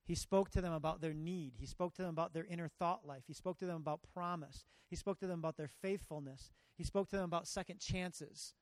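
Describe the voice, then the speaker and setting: A man's voice: a little high, brisk, few pauses, no room sound. A middle-aged man preaching a sermon, earnest and emphatic, with a conversational, storytelling delivery. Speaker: pastor.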